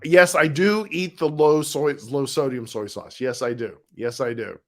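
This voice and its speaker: Middle-aged male co-host, relaxed and rambling, chatting live with viewers, plenty of restarts. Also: mid-range voice, a little slow, soft background music. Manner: easygoing, rambling, with frequent restarts and laughs. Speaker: co-host of a live chat show, husband of the author. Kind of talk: casual live-stream chat reading viewer comments.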